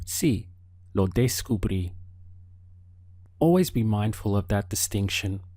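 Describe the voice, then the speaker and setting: A man teaching an audio language lesson, prompting the listener patiently and pausing for answers. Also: on the low side, animated, a little mellow, no room sound. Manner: slow, patient prompting with pauses for the learner.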